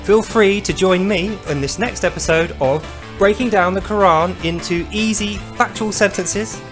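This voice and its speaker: A man with a somewhat high voice talks straight to camera in a casual, mocking commentary. He sounds sarcastic and leans into loud, comic delivery. Soft music plays faintly behind him. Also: moderate pace. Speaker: video commentator.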